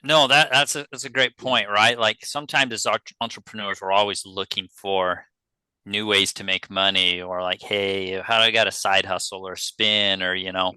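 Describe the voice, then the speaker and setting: A man's voice: on the low side, little pitch movement, moderate pace, pushed and bright, clean tone, no room sound, low-quality recording. A man, a podcast guest telling a business story casually and acting out the dialogue he quotes. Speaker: podcast guest, pest control business owner.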